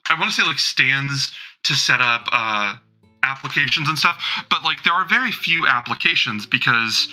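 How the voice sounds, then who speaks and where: A man's voice: medium pitch, animated, moderate pace, bright, forceful tone, faint music behind, poor audio. A man narrating as game master of a tabletop role-playing game, rambling casually with many fillers and the odd swear.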